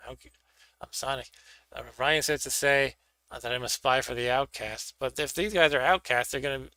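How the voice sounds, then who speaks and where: Stream host guy reading a gamebook, joking around, gravelly, dry sound. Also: mid-range voice, sharp tone, dry recording. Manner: offhand, joking. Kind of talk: casual chat and read-aloud narration.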